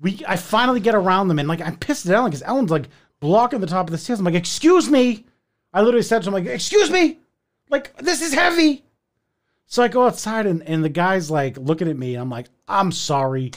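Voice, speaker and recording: A man telling a story in casual chat, animated and profane, acting out the people in it. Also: rapid-fire. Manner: animated, profane, acts out voices with big pitch jumps. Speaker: podcast co-host telling a story.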